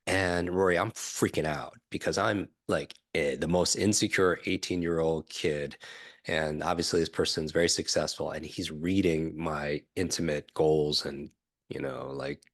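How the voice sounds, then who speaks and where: A middle-aged man, a podcast guest, telling a personal story in an animated way, acting out what others said and often asking "right?". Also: rumbling low, unhurried, no room sound, studio quality. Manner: animated storyteller, acts out quoted voices, frequent "right?". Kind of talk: storytelling in a conversational interview.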